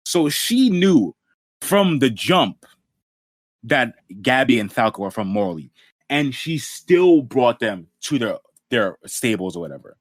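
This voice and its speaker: A man's voice: mid-range voice, big pitch swings, unhurried, no echo. Profane slangy man, dry sound. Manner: profane, slangy, heavy on "like" and "bro". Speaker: podcast co-host. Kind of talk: casual chat about an anime.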